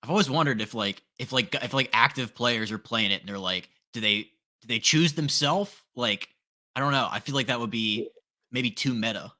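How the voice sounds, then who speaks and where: A man's voice: medium pitch, normal speed, sharp tone. A man hosting a podcast, asking easygoing, chatty questions in a casual interview. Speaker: podcast host.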